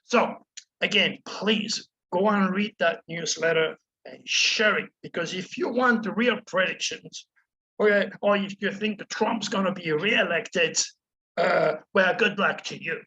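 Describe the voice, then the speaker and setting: Impassioned high-pitched man preaching. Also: measured pace, bright, forceful tone, muffled recording, a little hiss or hum. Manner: preachy, impassioned, addresses listener as "my friend". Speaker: astrologer addressing viewers. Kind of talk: passionate monologue to camera.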